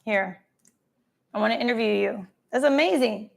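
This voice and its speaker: A woman with a fairly high, gravelly voice speaks at a moderate pace. While away on holiday, she hosts an informal live stream, reading viewers' comments and thanking each commenter by name with great enthusiasm.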